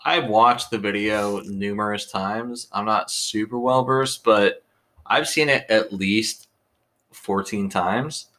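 A man's voice: on the low side, takes it slowly, a bit bright. A tipsy man co-hosting a podcast, swearing constantly and arguing bluntly in casual chat. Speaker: podcast co-host.

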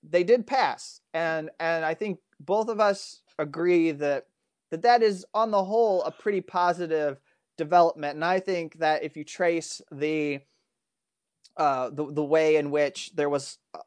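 A man's voice: fairly high pitch, no echo, studio quality. A man co-hosting a political talk show, explaining votes in casual chat with many fillers. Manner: reads out quotes, laughs often, halting with fillers. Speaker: political news show co-host.

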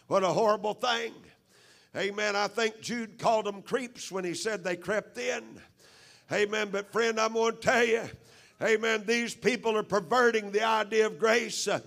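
High gravelly fervent preacher man. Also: unhurried, fairly bright tone. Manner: fervent, punctuated with frequent amens. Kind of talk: sermon. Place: church service.

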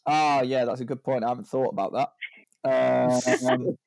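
A man's voice: medium pitch, fairly even intonation, normal speed, creaky, a little mellow, no room sound. A man co-hosting a casual podcast chat, rambling and joking, tagging lines with "right?". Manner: rambling, jokey, stacks up "right?" tags. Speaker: podcast co-host.

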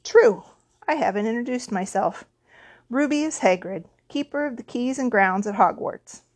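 A woman voicing a huge, shaggy, good-natured male giant in a storybook reading, gruff and homely in manner, with dialect-tinged speech. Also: a little high, lively intonation, normal speed. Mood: gruff friendly.

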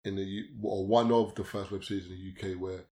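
A man in his thirties with a London accent, a podcast guest chatting casually in slang-heavy banter that turns loud and animated when he tells stories. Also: low voice, fast.

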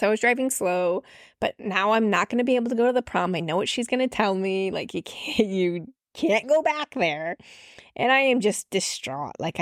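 Animated woman telling a story, dry mic. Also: mid-range voice, no room sound. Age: late 20s. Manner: animated, acts out quoted voices, frequent "like" fillers. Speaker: podcast host. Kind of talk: casual storytelling monologue.

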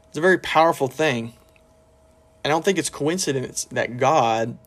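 A middle-aged man preaching a podcast sermon and telling a personal story, earnest, with fillers and restarts. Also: medium pitch. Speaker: pastor.

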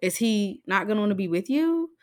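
Brash, lively woman chatting. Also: mid-range voice, fairly quick. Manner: brash, animated, laughs often. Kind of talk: casual chat.

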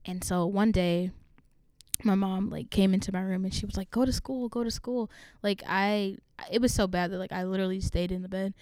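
Young woman college student, frank and open, smooth clear voice, dry close sound. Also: mid-range voice, flat delivery, darkish tone, dry recording. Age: young adult. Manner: open and frank, swears freely, fast asides. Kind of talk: candid personal conversation.

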